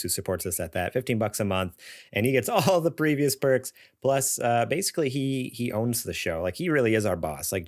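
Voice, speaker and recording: Brief: male podcast co-host, a touch low-pitched, loose and rambling, laughs a lot, casual gaming chat. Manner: rambling, laughs often, many fillers.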